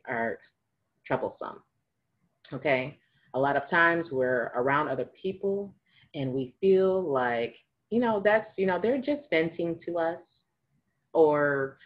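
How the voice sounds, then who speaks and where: Low-voiced woman giving chatty spiritual advice. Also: muffled recording. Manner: chatty, laughs often, acts out little dialogues. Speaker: spiritual advisor. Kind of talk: casual spiritual advice monologue.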